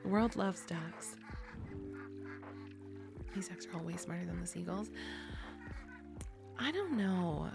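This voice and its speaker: An American woman streaming, chatting casually with viewers, giggly and chatty and loudly excitable. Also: on the low side, takes it slowly, vocal fry, pauses often, loud music behind the voice.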